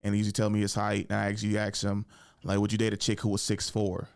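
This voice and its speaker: A man's voice: on the low side, fast, gravelly. Guy hosting his own show, rambling funny stories, laughing, lots of energy. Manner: animated storytelling, acts out voices, laughs often. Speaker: podcast host, comedian. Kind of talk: casual solo monologue.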